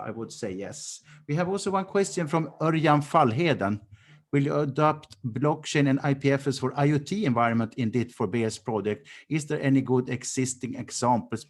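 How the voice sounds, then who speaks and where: Hesitant male webinar moderator. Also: mid-range voice. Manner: hesitant, with frequent ums and uhs.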